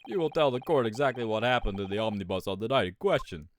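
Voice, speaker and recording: A man's voice: on the low side, lively intonation, quick pace, slight background noise, lightly acted. A man voicing a stern, formal male courtroom judge while reading game dialogue aloud.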